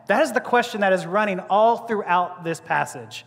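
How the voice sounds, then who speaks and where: A man's voice: sits high, expressive, normal speed, few pauses. A male preacher giving a sermon, joking and laughing as he talks, often restarting his words. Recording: long reverb of a large hall.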